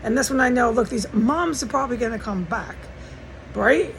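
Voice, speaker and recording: An American woman speaks with a slightly raised pitch and a gravelly, fry-laden tone. Her talk is profane and rambling, pressing each point with urgency. Faint traffic noise hums behind her indoor recording. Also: animated, moderate pace, low-quality recording. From United States. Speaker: vlogger. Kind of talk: agitated personal monologue. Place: indoors in a house.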